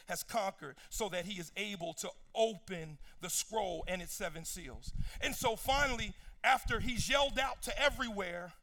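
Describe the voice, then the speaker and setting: A high-pitched male preacher with a bright, forceful voice. He walks through scripture with casual asides to his congregation. His delivery rises into sung, shouted lines and drops to near-hushed passages. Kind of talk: sermon.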